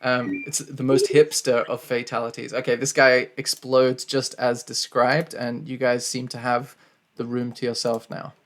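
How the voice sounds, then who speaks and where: A man's voice: medium pitch, flat delivery, normal speed. Laughing male game master. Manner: laughs often, describes scenes with many fillers. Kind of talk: narrating a tabletop game.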